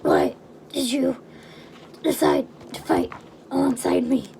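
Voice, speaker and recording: A battered old soldier in agony cries out , as a woman reading a novel aloud puts him on, the voice strained and raised. She keeps her own high pitch, with a faint hiss of noise behind. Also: wildly swooping pitch, takes it slowly, creaky, dark tone, exaggerated voice.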